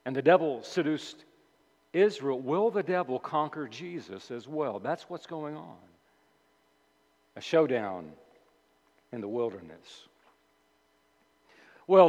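A male pastor with a slightly high, slightly mellow voice preaches emphatically in a church, posing rhetorical questions to his congregation. The recording carries the long reverb of a large hall.

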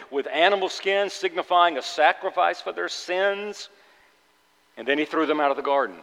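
Emphatic preacher in a reverberant hall. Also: male voice, a little high, a bit bright. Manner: earnest, emphatic preaching with repeated phrases. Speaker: pastor. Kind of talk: sermon.

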